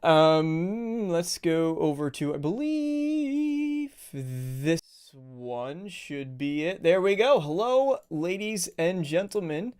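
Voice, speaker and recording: Chatty, clear-voiced male streamer. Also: on the high side, very animated, slow pace, darkish tone. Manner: chatty, rambling, greets viewers by name. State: a little out of breath. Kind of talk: casual live stream chat.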